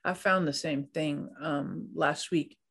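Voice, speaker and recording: A man's voice: on the high side, steady tone, slow, fairly bright tone, husky. A man hosting a faith podcast, upbeat and enthusiastic as he chats with a guest. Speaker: podcast host.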